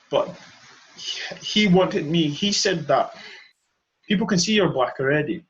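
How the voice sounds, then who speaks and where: A man's voice: on the high side, moderate pace, long pauses, a bit bright, lo-fi sound. A young man hosting a podcast who talks earnestly and with passion, stressing and repeating his key points. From Edinburgh, Scotland. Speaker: podcast host. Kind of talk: earnest conversational monologue.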